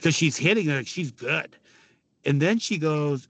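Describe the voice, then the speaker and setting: Animated middle-aged man telling stories. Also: a little high, unhurried, no room sound. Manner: animated, profane, quotes people in dialogue. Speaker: guest. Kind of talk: casual storytelling.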